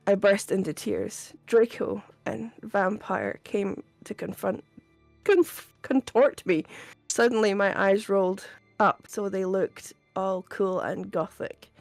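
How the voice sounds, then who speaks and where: Deadpan woman streamer narrating a comedic read-aloud, slow, dry close sound. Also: mid-range voice, vocal fry, no room sound, soft background music. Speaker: streamer reading a fanfiction aloud. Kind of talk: comedic dramatic reading.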